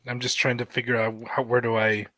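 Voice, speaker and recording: A man's voice: medium pitch, monotone, pushed and bright, no room sound. A man and content creator, speaking hesitantly in a casual group chat, searching for words. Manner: hesitant, halting, clears throat often.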